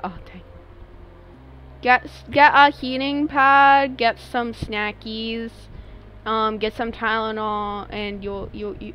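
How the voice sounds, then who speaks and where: A woman's voice: on the high side, dull audio. A young woman streaming a game, chatting casually and jokingly with her viewers. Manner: animated, joking, talks to chat. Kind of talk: casual gaming livestream chat. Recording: faint game music behind.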